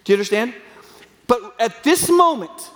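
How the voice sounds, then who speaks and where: A man with a high voice preaches in an earnest, conversational way, often breaking into fillers and restarts. His words ring out with a long reverb, as if carried through a large hall. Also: animated, normal speed, a bit bright. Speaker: pastor. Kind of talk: sermon.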